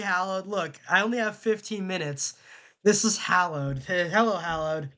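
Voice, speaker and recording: A man's voice: sits high, normal speed, pushed and bright. A young man streaming casually, reading quiz questions aloud and answering them in a rambling, flustered way, often stammering and repeating himself.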